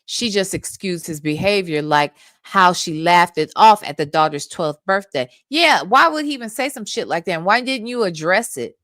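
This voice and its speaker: A woman's voice: fairly low pitch, expressive, normal speed, few pauses, fairly bright tone, no room sound, studio quality. A woman streaming live, talking bluntly and with profanity straight to her chat. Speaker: streamer reacting to a radio segment.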